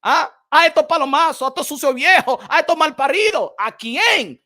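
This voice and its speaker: A man's voice: extremely high pitch, expressive, fairly quick, pushed and bright. A man hosting a boxing channel, giving a fiery livestream rant that switches between Spanish and English and repeats phrases for emphasis.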